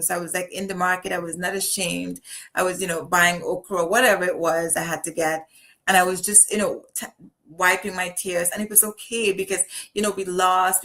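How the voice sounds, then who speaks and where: A woman's voice: fairly low pitch, fairly bright tone. A middle-aged woman from Trinidad, telling a personal story on a live stream in a reflective, heartfelt way with frequent restarts. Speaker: channel host.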